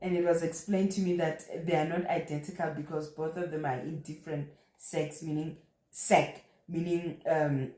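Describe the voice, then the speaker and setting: A young South African woman telling a personal story in a lively, animated way, with frequent exclamations. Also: low-pitched, moderate pace. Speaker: vlogger. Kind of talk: casual storytelling. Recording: echoey room.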